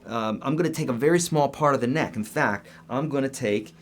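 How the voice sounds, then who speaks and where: A man's voice: medium pitch, a little fast. A man in his thirties, a guitar teacher answering viewer questions in a casual, upbeat live-stream lesson. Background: guitar playing.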